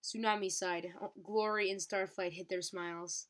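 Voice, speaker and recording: A woman reading a novel chapter aloud at a steady pace. She stumbles on a word now and then and corrects herself. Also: mid-range voice, moderate pace. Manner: steady, occasional slips and self-corrections. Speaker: reader.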